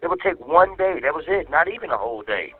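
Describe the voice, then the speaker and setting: A man's voice: fairly high pitch, big pitch swings, fast. A man on a phone call with his wife, ranting angrily and swearing heavily. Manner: angry, profane ranting. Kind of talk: casual phone conversation. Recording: tinny phone line.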